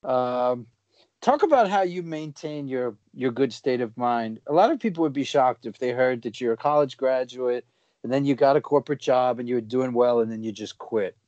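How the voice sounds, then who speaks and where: A middle-aged man hosting a casual interview, reflective and relaxed, asking long rambling questions. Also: moderate pace, no room sound. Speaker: podcast host. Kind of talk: casual chat. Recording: dull, dry low-fidelity sound.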